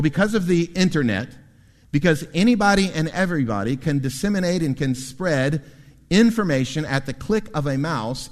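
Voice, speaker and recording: A man preaching a sermon as pastor, with lively delivery and quick asides to the congregation. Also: on the high side. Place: church sanctuary. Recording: long reverb in a church hall.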